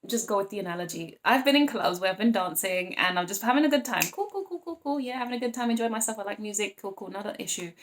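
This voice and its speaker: A woman's voice: medium pitch, fast, few pauses, a little hiss or hum. Chatty woman reading tarot. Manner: chatty and animated, acts out little scenes, laughs often. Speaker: tarot reader. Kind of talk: casual tarot reading to viewers.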